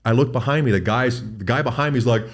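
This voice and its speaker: A middle-aged man telling a hunting story in casual conversation, fast and profane, stumbling over repeated words when he gets excited. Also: medium pitch. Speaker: guest doctor.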